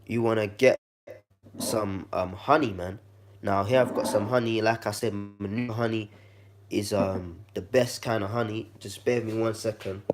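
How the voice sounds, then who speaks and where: A man with a slightly croaky, congested voice, giving a laid-back how-to demonstration in his kitchen and talking to the viewer like a friend. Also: on the low side. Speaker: vlogger.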